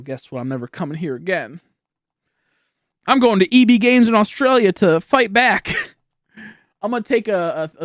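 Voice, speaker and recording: A man's voice: sits high, dry recording, clean studio sound. A young man chatting casually with viewers on a live stream, rambling and laughing often.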